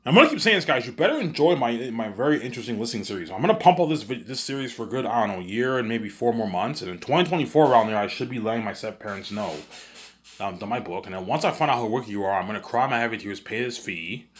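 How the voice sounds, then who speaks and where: A man's voice: mid-range voice, lively intonation, fast talker. A man vlogging in a rambling, repetitive monologue with frequent swearing.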